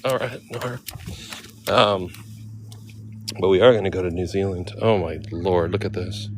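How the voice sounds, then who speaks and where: A man streams live from seaside cliffs, talking into a handheld phone in a loose, chatty way. He reads out viewer names one after another and thanks them. His voice sits fairly low, with faint outdoor ambience behind it. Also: steady tone, moderate pace, noisy background. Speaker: livestreamer. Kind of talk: casual live-stream chat.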